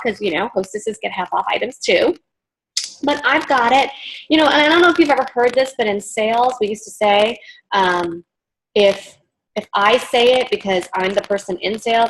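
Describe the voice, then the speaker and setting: A woman's voice: fairly high pitch, rough recording. A woman training new sales staff over a video call, upbeat and chatty, full of "like" and "you know". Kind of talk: training talk. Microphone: video call mic.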